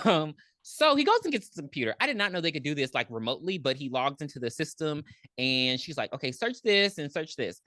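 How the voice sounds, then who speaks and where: Low-voiced woman retelling a movie. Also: brisk. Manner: animated storyteller, acts out characters' lines, swears freely. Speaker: podcast co-host. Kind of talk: casual movie recap chat.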